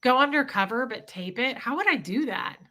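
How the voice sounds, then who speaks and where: A woman's voice: on the high side, animated, brisk, bright, forceful tone. A woman hosting a livestream, talking candidly and emotionally about her past, swearing freely. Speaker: livestream host.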